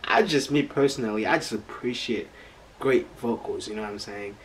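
A man's voice: on the low side, normal speed, slight background noise, poor audio. A man hosting a casual reaction video, talking in an emphatic, slangy way and repeating phrases.

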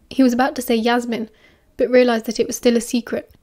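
A British woman reads a novel aloud as a fan audiobook narrator, softly shifting into hushed voices for the dialogue. Her fairly high voice moves fast, with a flat delivery.

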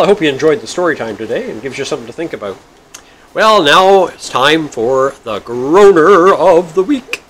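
A man hosting a story and joke segment, who talks in a folksy, chuckling, unhurried way. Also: mid-range voice, a bit bright, a little hiss or hum, poor audio. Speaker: host.

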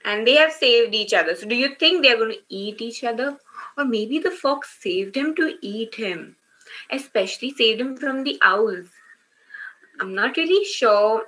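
Bright-voiced woman teaching kids online. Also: medium pitch, poor audio. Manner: encouraging, asks the kids questions, often checks with "okay?". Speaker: children's workshop teacher. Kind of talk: online class storytelling with quizzes.

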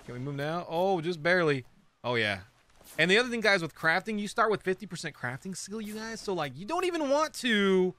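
A man's voice: on the high side, sharp tone. A man giving casual let's-play commentary, chatty and self-mocking, talking to the pieces he builds. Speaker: gaming streamer.

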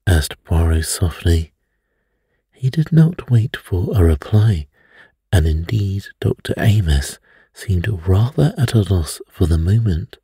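Slow, husky male bedtime narrator, dark and dry. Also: low voice, no room sound. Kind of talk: relaxing bedtime story reading.

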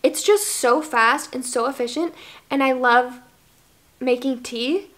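Bubbly high-voiced young woman vlogger. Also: a little slow, a bit bright. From United States. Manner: bubbly, gushing, chatty with many fillers. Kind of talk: casual favorites vlog.

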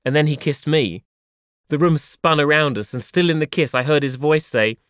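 Soft-spoken man reading a memoir. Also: medium pitch, normal speed, clear, resonant tone, no echo, clean studio sound. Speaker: audiobook narrator.

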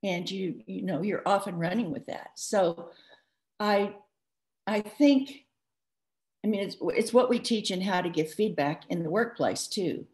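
A woman author giving advice in a live interview, talking in a lively, rambling way full of restarts and asides. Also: medium pitch, measured pace. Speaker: author discussing her book.

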